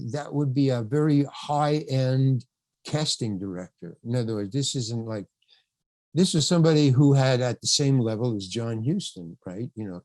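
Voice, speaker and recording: An older man, a podcast guest, telling an anecdote in a rambling, halting way, full of restarts and asides. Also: medium pitch, dark tone, no room sound. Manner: rambling, halting, many restarts and "you know". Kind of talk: storytelling anecdote in casual chat.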